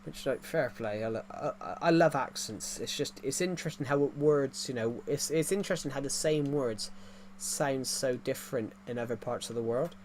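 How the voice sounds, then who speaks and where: During a gaming stream, a man of medium pitch talks at normal speed with few pauses, bantering loosely with viewers. He rambles, cracks jokes, and often starts his sentences over, with a bit of hiss or hum audible.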